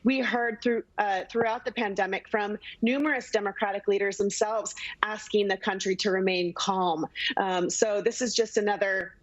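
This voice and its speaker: A woman's voice: mid-range voice, fairly even intonation, moderate pace, dry recording, dull audio. A woman political strategist arguing her case confidently as a guest on a TV news show. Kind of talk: political commentary on live TV.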